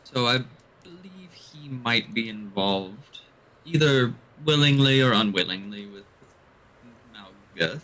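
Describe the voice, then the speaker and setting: A man's voice: mid-range voice, animated, slow pace, fairly bright tone, low-quality recording. A man playing a tabletop game, explaining his character's situation hesitantly and carefully. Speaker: player. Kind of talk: in-character roleplay.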